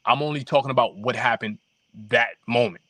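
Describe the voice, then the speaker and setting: A man guest on a podcast, telling his story haltingly with many fillers and restarts. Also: mid-range voice, fairly bright tone, no room sound. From New York. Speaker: documentary filmmaker guest. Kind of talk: casual podcast interview.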